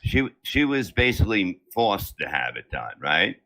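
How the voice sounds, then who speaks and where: A man's voice: sits low, sing-song, moderate pace, bright, forceful tone. A man in his seventies hosting from home, telling crude comic stories full of swearing. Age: 70s. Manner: crude, brash, swears constantly. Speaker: comedy podcast host. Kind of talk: profane comic storytelling.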